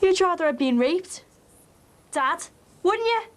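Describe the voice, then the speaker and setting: A high-voiced schoolgirl, pregnant, bitter and sarcastic. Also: animated, unhurried. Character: pregnant teenage schoolgirl, defiant and hurt. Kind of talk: TV soap drama acting.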